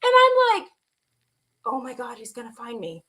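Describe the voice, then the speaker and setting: A woman telling an emotional personal story as a guest, animated and quoting the people in it, laughing at times and close to tears. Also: fairly high pitch, moderate pace. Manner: animated retelling with quoted dialogue, laughing and near tears. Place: online stream.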